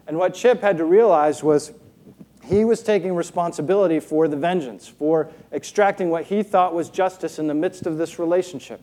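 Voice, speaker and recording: Mellow-voiced preacher, earnest and rhetorical. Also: male voice, a little high, normal speed. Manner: earnest, rhetorical, keeps asking "right?". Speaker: pastor. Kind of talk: sermon.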